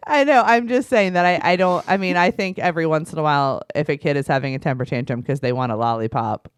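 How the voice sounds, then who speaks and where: A woman's voice: deep voice, quick pace, clean tone. A woman hosting a casual podcast chat as a mother, chatty, often restarting and laughing.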